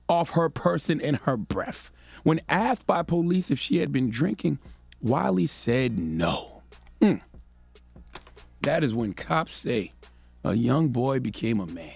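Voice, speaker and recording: Animated, gravelly radio co-host man. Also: on the high side, no room sound. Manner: animated, playful, mocking storyteller. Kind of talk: comedic news segment on morning radio. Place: radio studio. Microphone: studio microphone.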